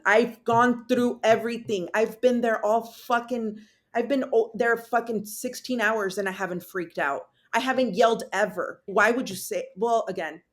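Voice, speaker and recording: A woman who is a podcast guest, telling a personal story in a raw, profane, rambling way. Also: a little high.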